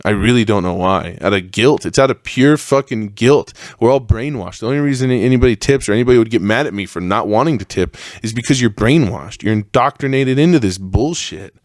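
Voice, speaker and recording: A young man hosting a solo podcast, ranting with heavy profanity and a voice that climbs higher as he gets worked up. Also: expressive, fairly quick, hardly any pauses, dry recording, clean studio sound. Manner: profane, heated rant that rises in pitch. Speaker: podcast host.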